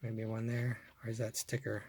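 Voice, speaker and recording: A middle-aged man hosting his own collecting video, casually talking through his finds and getting excited over the rare ones. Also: fairly low pitch, normal speed, a little hiss or hum. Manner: muttering softly while working, then bursting into excitement. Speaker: toy car collector and video host. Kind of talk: casual hands-on show-and-tell.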